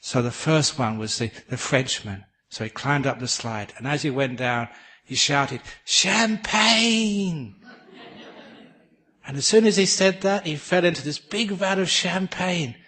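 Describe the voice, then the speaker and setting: A man with an English accent giving a Buddhist dharma talk, a gentle storyteller who laughs at his own jokes. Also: medium pitch, moderate pace. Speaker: Buddhist teacher.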